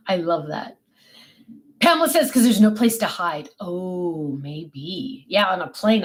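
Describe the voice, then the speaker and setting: Her medium-pitched voice swings widely in pitch at a moderate pace. She's a livestream host at her home desk, chatting about herself and poking fun at herself as she responds to viewers' comments.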